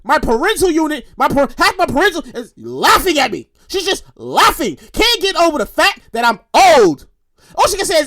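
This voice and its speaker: Podcast host, thirties, casual rant, profane, high voice, bright tone. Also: normal speed, no room sound, clean studio sound. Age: 30s. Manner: profane, rambling, animated, repeats phrases.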